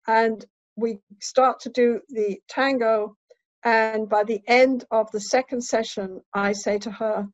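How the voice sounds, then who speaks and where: A woman's voice: a little high, fairly even intonation, slow pace, no room sound. Muffled, emphatic woman therapist teaching. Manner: instructive, emphatic, checks in with "right?". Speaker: therapist and trainer. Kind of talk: teaching lecture.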